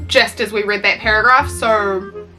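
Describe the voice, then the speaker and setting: A woman's voice: mid-range voice, fairly even intonation, a little slow, pushed and bright, soft background music. A woman reading a story aloud for laughs, breaking in with sarcastic, exasperated commentary. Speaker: reaction video host.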